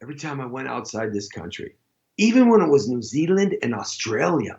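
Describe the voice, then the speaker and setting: A man hosting a live talk show, rambling through a jokey monologue with sudden loud outbursts. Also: medium pitch, big pitch swings, fairly quick, muffled recording.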